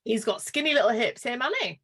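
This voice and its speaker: A woman's voice: a little high, animated, a little fast, fairly bright tone, breathy edge. A woman co-hosting a podcast, chatting casually with wry, opinionated takes. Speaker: podcast co-host. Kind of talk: casual chat.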